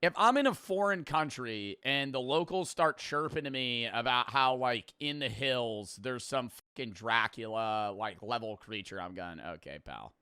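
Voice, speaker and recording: A man streaming, reacting to a quiz video in loud, profane, joking casual commentary. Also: mid-range voice, unhurried, hardly any pauses, smooth, no room sound.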